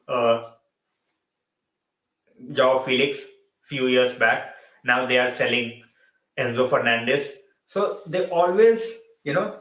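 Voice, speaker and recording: On his late-night live football stream, a tired, yawning male host shifts into Hindi mid-sentence and keeps repeating phrases. His voice is a little high and a bit bright, and the poor audio is reverberant.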